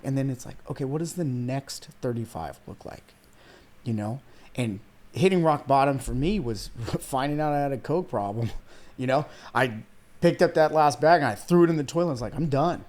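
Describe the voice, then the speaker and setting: An earnest man in his thirties from Iran talks as a podcast guest in a relaxed, conversational way. His mid-pitched voice carries heartfelt personal stories, sprinkled with "man" and "dude", and now and then he comes close to tears. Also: moderate pace. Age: 30s. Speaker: podcast guest, weight loss coach. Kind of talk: casual interview conversation.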